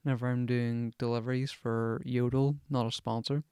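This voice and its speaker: Guy rambling on his podcast, cursing every other line, smooth voice, pretty flat. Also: mid-range voice, moderate pace, no echo, clean studio sound. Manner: swears constantly, chatty and digressive. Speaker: podcast host. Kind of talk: casual rambling podcast monologue.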